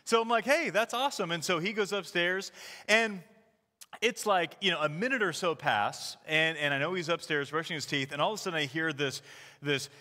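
A man in his thirties preaching a casual, conversational sermon as the church's pastor, telling stories with animated quoted voices. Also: fairly high pitch, normal speed. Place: church sanctuary. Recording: long hall reverb.

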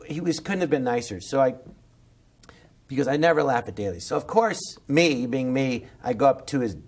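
A middle-aged man, a comedian, telling an animated anecdote in a podcast interview and acting out the voices. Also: medium pitch, moderate pace. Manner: animated, acts out every voice, jumps to shouting when excited. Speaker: guest comedian.

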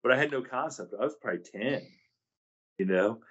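A man's voice: medium pitch, expressive, fairly quick, a bit bright, husky, highs cut off. A man hosting a podcast, musing and rambling in casual chat. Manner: rambling, musing, laughs easily. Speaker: podcast host.

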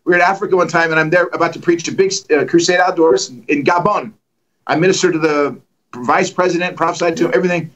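A middle-aged man preaching, telling testimony stories in an animated way and acting out the dialogue. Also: on the high side, quick pace, lo-fi sound. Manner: animated, acts out dialogue with lively voices. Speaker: guest preacher. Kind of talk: storytelling testimony.

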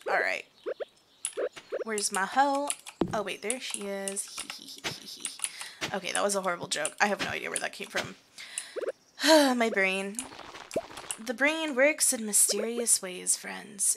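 A young woman streamer talks her way through a farming game, chatty and self-mocking, half-singing little made-up tunes and muttering to herself. Her voice sits a little high. Clear steady noise runs under the home recording. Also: slow. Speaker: gaming streamer. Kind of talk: casual let's-play commentary.

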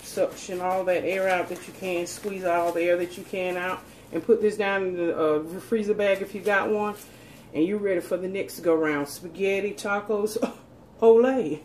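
A woman walks viewers through a recipe in a relaxed, folksy way. Her voice sits a little lower than most women's. She talks from her home kitchen with a faint hiss in the background. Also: normal speed. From North Carolina, USA. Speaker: cooking channel host. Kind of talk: casual cooking demonstration.

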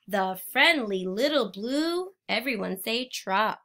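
Slow, bright-voiced woman teacher reading aloud. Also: fairly high pitch, lively intonation, gravelly. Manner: interactive, prompting children to join in. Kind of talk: reading a picture book aloud to children.

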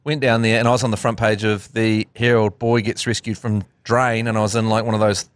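A man with a New Zealand accent trades wry, teasing banter on a podcast. His voice sits on the low side for a man. It is recorded close and dry, with no echo. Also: little pitch movement, fairly quick, clean tone. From Dunedin, New Zealand. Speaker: podcast co-host. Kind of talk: casual chat.

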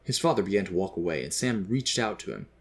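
A man reading a fictional holiday story aloud in an even, gentle storytelling manner. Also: low-pitched, quick pace. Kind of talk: scripted story narration.

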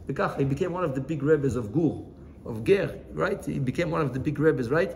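A man teaching as a rabbi in a relaxed, chatty way, telling stories and asking his listeners questions. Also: fairly high pitch, brisk, vocal fry, a little hiss or hum. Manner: chatty, asks the listeners questions, mixes in Hebrew phrases. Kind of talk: informal Torah lesson with storytelling.

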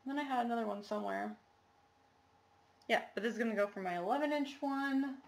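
Chatty woman with a gravelly voice. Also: fairly high pitch, fairly quick. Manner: rambling, chatty, many fillers and apologies. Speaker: cross-stitch vlogger. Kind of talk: casual show-and-tell chat.

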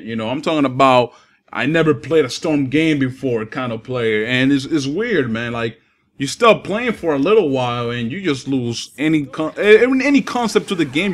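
A young man giving casual gameplay commentary, swearing and trash-talking as he plays. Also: medium pitch. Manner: profane, trash-talking, excitable. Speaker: gaming commentator.

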